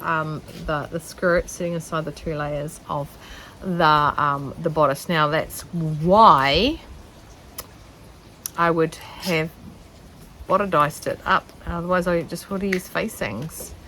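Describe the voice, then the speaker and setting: Her low voice is bright and forceful, and she speaks slowly over poor audio with a little hiss or hum. A middle-aged woman with a New Zealand accent, she rambles through a chatty sewing vlog on a shaded outdoor deck, joking at herself and filling gaps with ums.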